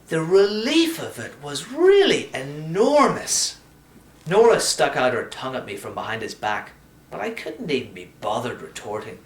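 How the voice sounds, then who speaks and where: Brief: male reader, wry first-person story, pitch leaping all over, roomy echo. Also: a bit bright. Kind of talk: storytelling narration.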